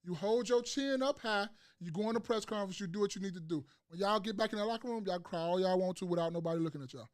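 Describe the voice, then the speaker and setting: A man's voice: sits high, fast talker, hardly any pauses. A man hosting a casual podcast chat, ranting emphatically with slang and profanity and repeating phrases for emphasis. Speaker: podcast host.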